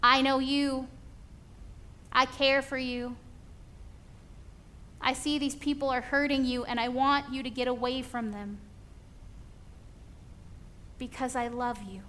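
A woman's voice: high-pitched, flat delivery, takes it slowly, pauses often, sharp tone, full character voice. A woman preacher voicing God as a loving male presence, speaking tender, repeated reassurances in a sermon skit.

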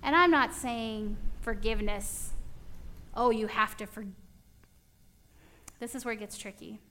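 A woman preacher giving a sermon in an animated storytelling manner, acting out bits of dialogue. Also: a little high, unhurried.

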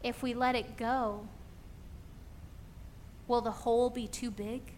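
A woman preacher giving a sermon in an animated storytelling manner, acting out bits of dialogue. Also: fairly high pitch, takes it slowly, a little hiss or hum.

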